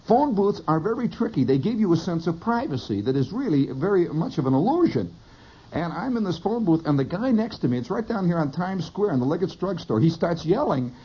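A man telling a rambling comic story in an animated, digressive way, on a lo-fi recording. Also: on the high side, breathy edge. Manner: animated, digressive, bursts of laughter.

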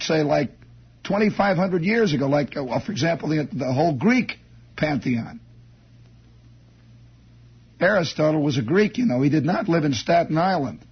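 A man's voice: a little high, slightly rough. A man telling a rambling comic story on the radio, wry and meandering, with chuckling asides. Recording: dull lo-fi radio broadcast.

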